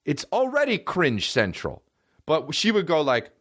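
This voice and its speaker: A man's voice: fairly high pitch, wildly swooping pitch, a little slow, a bit bright, no room sound, clean studio sound. A man in his thirties hosting a comedy podcast, ranting in a casual, profane way and mimicking people in mocking voices. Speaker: podcast host.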